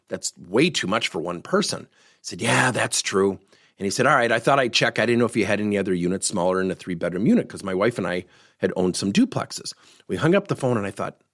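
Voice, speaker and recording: A man's voice: medium pitch, no room sound, studio quality. A middle-aged man hosting a solo coaching podcast, telling personal stories and acting out the dialogue in them. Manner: animated storyteller, acts out quoted dialogue. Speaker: podcast host and workplace coach. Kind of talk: solo podcast monologue, storytelling.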